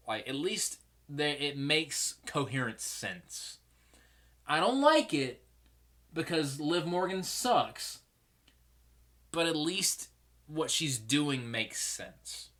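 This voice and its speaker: A man's voice: a little high, sing-song, slow pace, fairly bright tone. A young man hosting a solo podcast, giving rambling, opinionated commentary and swearing freely. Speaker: podcast host.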